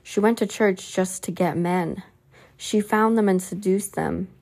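A woman reading the lines of Jesus as a gentle, solemn man in a storybook reading. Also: mid-range voice, vocal fry. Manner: slow, soft and solemn.

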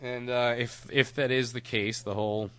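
A man's voice: medium pitch, level tone, normal speed, a bit bright, dry recording. A man co-hosting a podcast, chatting casually and rambling, with frequent laughs and casual swearing. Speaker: podcast co-host.

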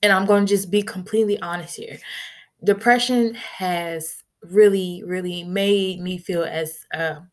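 A woman's voice: on the low side, steady tone, measured pace. A young woman vlogger talking candidly and earnestly in a conversational way, with frequent filler phrases. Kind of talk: candid personal talk.

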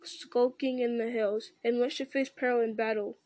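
A proud young noblewoman warrior presses her case with bitterness, voiced by a woman reading a story aloud. The voice is fairly high with little rise and fall. The recording is dry and close. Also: steady tone, moderate pace, darkish tone, dry recording, close to an everyday voice. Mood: bitter.

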